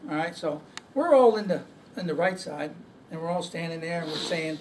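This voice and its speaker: A man telling a story to a group, halting often on fillers. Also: a little high, lively intonation, darkish tone. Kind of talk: casual storytelling. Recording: distant mic, faint background noise.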